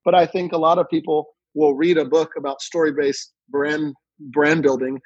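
Brief: male entrepreneur guest, husky tone, repeats words mid-thought, dull dry recording. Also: on the high side, little pitch movement, normal speed, no echo. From Louisiana. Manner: storytelling, repeats words when starting thoughts. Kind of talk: conversational interview.

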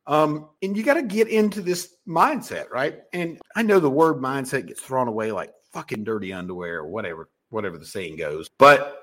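A man hosting a podcast and coaching on sales, talking loosely with frequent swearing and many restarts. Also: on the high side. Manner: loose, profane, many restarts and self-corrections. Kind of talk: casual motivational talk.

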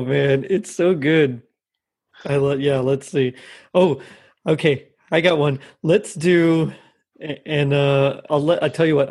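A man co-hosting a podcast, chatting casually and warmly laughing along with his co-host. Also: a little high. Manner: easygoing, often laughing. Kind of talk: casual chat.

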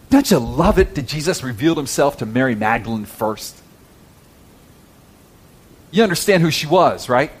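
A man preaching a sermon in church, swinging from hushed, whispered lines to loud, high, fervent reading of scripture. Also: husky. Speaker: pastor.

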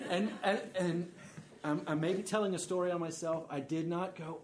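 A man's voice: a little high, a little fast, a little mellow. Joking, conversational male preacher. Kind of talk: sermon.

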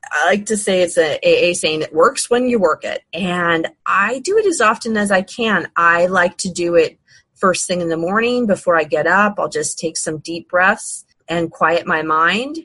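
Calm husky-voiced woman podcaster. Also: fairly low pitch, dry recording, rough recording. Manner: calm, unhurried, with fillers and restarts. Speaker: podcast host. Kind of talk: casual advice talk.

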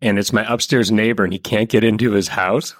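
A young man co-hosting a podcast, telling stories in a casual, animated way and acting out quotes. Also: lowish voice, fairly quick, husky, no room sound, clean studio sound. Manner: animated storyteller, acts out quotes. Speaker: podcast co-host. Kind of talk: casual chat.

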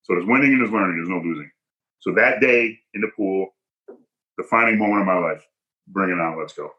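Emphatic man telling his story, bright tone. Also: deep voice, a little fast, dull audio. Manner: emphatic, punchy, acts out quoted dialogue. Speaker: guest. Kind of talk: personal storytelling in a podcast interview.

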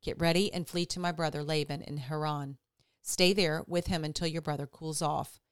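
A woman's voice: low voice, steady tone, normal speed, clean tone, no room sound, clean studio sound, close to an everyday voice. A woman reading the lines of a worried mother urgently warning her son. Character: worried protective mother Rebekah.

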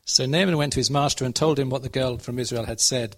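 A man's voice: medium pitch, fairly even intonation, fast talker, few pauses. Chatty man preaching. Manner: conversational, asks the audience questions. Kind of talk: sermon.

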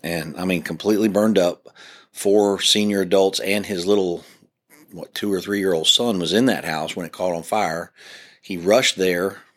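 A pastor with a very low, deep voice speaks earnestly on a podcast. He talks like a preacher and often stops and restarts his sentences. Nothing else stands out in the sound. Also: normal speed. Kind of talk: podcast discussion.

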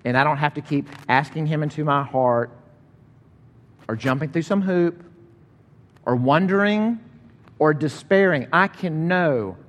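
A middle-aged man preaching a sermon, conversational and animated as he tells a story. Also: fairly high pitch, a little slow, pauses often. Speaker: pastor. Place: church sanctuary. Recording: long reverb of a large hall.

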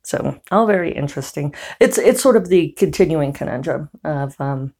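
A woman's voice: low voice, expressive, moderate pace, a little mellow, breathy edge. A woman novelist chatting casually to her viewers in a wry, rambling way, with many fillers. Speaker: novelist and vlogger. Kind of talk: casual chat to camera.

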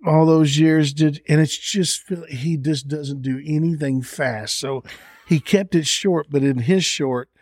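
A middle-aged man, a songwriter telling an animated anecdote in a podcast interview and acting out the voices of the people in it. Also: a little high, a little slow, no echo, clean studio sound. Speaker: songwriter guest.

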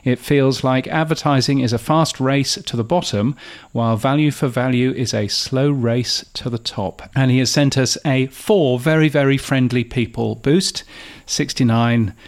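A man co-hosting a podcast, talking casually with lots of ums and restarts. His voice sits in a middle pitch and has a gravelly edge. He teases himself dryly as he talks. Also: normal speed. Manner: chatty, self-mocking, many fillers and restarts. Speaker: podcast co-host.

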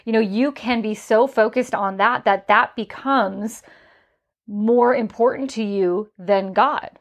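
A woman's voice: a little high, slow pace. Reflective woman co-hosting a faith podcast. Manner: reflective, affirming listener. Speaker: podcast co-host. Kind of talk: casual faith podcast chat.

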